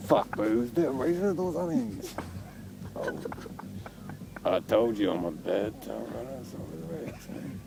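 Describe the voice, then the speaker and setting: Slow, gravelly young man rambling crudely. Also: mid-range voice, very animated, noisy background. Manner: crude, rambling, drawling, peppered with mate and eh. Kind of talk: improvised in-character comedy rant. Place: outdoor music festival.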